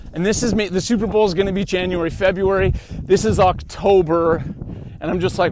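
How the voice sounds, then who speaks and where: A young man from Canada telling a story as a podcast host, animated and acting out quoted dialogue. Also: high voice, moderate pace, background noise. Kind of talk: casual storytelling monologue.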